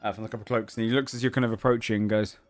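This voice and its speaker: A man's voice: fairly low pitch, little pitch movement, rapid-fire, faint music behind. A man narrating a tabletop game as game master, speaking casually and filling his lines with "um" and "kind of". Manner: casual, many fillers and hedging "kind of".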